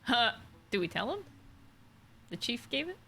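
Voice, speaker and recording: A woman's voice: on the high side, sing-song, measured pace, pushed and bright, a little hiss or hum. A young adult woman streaming a game, chatting casually and self-consciously with lots of giggling. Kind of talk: casual gameplay commentary.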